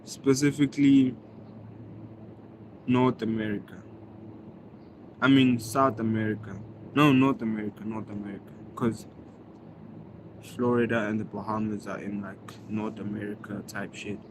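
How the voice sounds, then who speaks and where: A man's voice: fairly low pitch, flat delivery, unhurried, pauses often, noisy background. Laid-back South African man streaming live. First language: Zulu. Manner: laid-back slangy talk, thanking viewers. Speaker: livestreaming vlogger. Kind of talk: casual live-stream chat reading comments.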